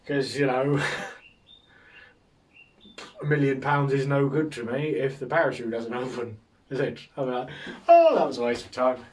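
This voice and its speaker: A man's voice: medium pitch, distant mic. A man hosting a casual solo podcast, rambling through jokes with a self-mocking humour and frequent chuckles. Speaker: podcast host.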